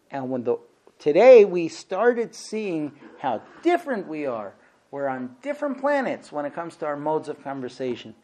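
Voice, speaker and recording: Animated man teaching a marriage class. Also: fairly high pitch. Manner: animated, acts out both sides of conversations. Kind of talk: lecture on marriage.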